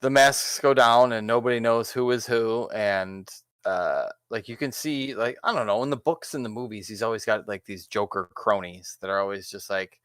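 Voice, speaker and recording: Smooth-voiced man swearing casually on a podcast. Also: on the low side, normal speed, hardly any pauses, a bit bright, no echo, studio quality. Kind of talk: casual movie review chat.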